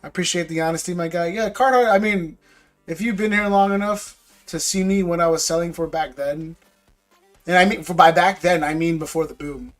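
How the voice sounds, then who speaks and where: Chill dude on a card-ripping stream, kinda high voice, bro-ing everyone, faint music behind. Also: male voice, fairly quick. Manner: laid-back, talks to viewers as bro. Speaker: livestream card seller. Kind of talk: casual live-stream chat.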